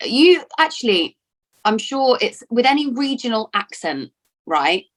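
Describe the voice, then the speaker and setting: A woman's voice: fairly high pitch, very animated, a little slow. A woman from Lincoln in England, an actress talking in a casual interview, chatty and full of restarts and repeated words. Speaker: actor being interviewed.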